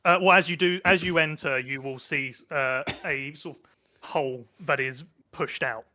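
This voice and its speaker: A man's voice: a little high, moderate pace, bright, forceful tone. Hesitant man running a tabletop game. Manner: hesitant, many fillers. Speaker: game master. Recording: lo-fi mic.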